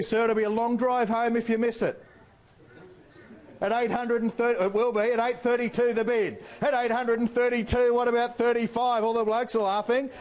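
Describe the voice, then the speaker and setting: An Australian man working as an auctioneer, calling bids in a rapid rhythmic patter with playful banter to the bidders. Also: very high-pitched. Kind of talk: live property auction calling.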